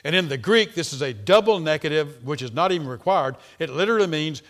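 A man's voice: fairly high pitch, expressive, brisk, hardly any pauses. Emphatic male preacher. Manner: emphatic, repeats words, rises and falls sharply in loudness. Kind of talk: sermon.

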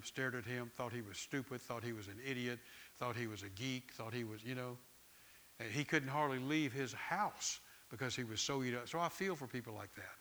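Bright-voiced man preaching. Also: mid-range voice, a little hiss or hum. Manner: conversational preaching with repeated words and asides. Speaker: pastor. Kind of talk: sermon.

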